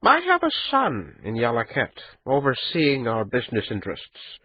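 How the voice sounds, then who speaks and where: A man voicing an old, fat, rich merchant who is boastful and shrewd, with a husky, booming delivery. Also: muffled recording. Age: older.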